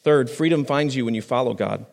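A man, a pastor, preaching a sermon on a microphone in a conversational way, restarting phrases and swinging his pitch up and down for emphasis. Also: brisk, gravelly, long reverb tail. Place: church sanctuary.

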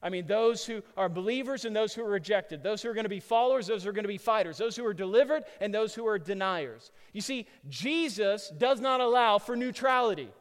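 A man preaching a sermon, telling stories with animation and building to loud peaks. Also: high voice, animated, brisk, hardly any pauses. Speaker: pastor. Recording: long hall reverb.

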